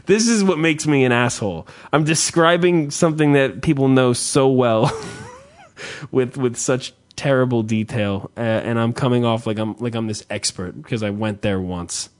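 A man's voice: mid-range voice, normal speed. A man telling a rambling, self-deprecating story in casual chat, swearing freely.

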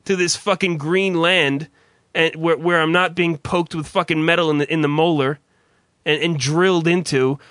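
A male radio host rants in casual banter, blunt and profane, tripping over his own restarts. His voice is bright and fairly high for a man. It sounds dry and close to the mic. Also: steady tone, normal speed, dry recording. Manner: blunt, ranting, swears constantly, stammers into restarts.

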